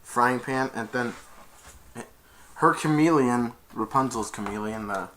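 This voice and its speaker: A man talks through a film's story in a loose, rambling way, linking every event with "and then". His voice is bright and forward, and his pitch sits in the middle. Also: a little slow, slight background noise. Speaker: film reviewer. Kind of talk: casual plot retelling.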